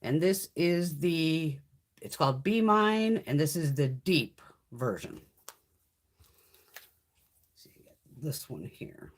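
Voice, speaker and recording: Her voice sits low, with lively intonation, a slow pace, and frequent pauses. She's a beauty vlogger in her fifties doing a casual live-stream makeup haul, swearing freely and laughing often.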